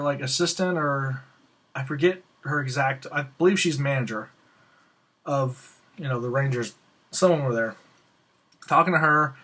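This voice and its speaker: An excitable young man tells a long story in a casual, rambling way, stopping to act out what each person said. His voice sits a little higher than most men's. He hosts a laid-back Q&A show. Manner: excitable, rambling, acts out quoted dialogue. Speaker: host of a Q&A show.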